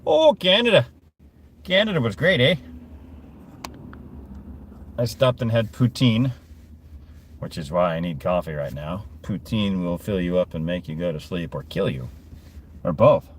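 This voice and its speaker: A man's voice: sits low, expressive, moderate pace, a little mellow. A man livestreaming while driving through a town, chatting to his viewers and talking to himself in a self-amused way. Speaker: livestreaming vlogger. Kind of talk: casual live-stream chatter while driving. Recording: noisy car interior. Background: road and engine noise.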